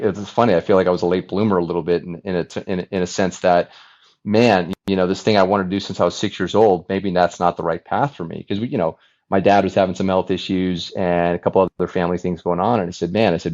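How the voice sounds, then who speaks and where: Low-voiced man telling stories, lo-fi sound. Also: quick pace. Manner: animated, chatty, many restarts and laughs. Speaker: podcast guest, former Navy fighter pilot. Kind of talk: casual storytelling interview.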